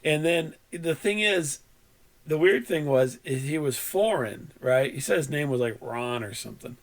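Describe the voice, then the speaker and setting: A man hosting a podcast, his voice rough and hoarse from a cold, telling a rambling anecdote in casual chat and laughing at his own story. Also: fairly high pitch, lively intonation, normal speed. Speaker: podcast host.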